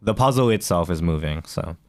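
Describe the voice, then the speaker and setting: A man's voice: sits low, expressive, a little fast, dry recording, studio quality. A man co-hosting a podcast in casual chat, rambling with many fillers and restarts. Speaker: podcast co-host.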